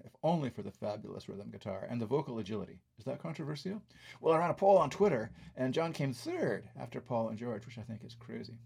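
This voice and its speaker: An older man reads his own review aloud in a gravelly, husky voice. He is wry and conversational, and he drops offhand asides between his points. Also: mid-range voice, darkish tone. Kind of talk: read-aloud film review essay.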